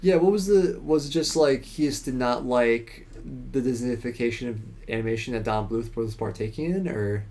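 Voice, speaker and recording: A man's voice: medium pitch, moderate pace, hardly any pauses, a little mellow. Enthusiastic young man on a film podcast. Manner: enthusiastic, hesitant restarts, says "you know" a lot. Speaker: podcast co-host. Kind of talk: casual film chat.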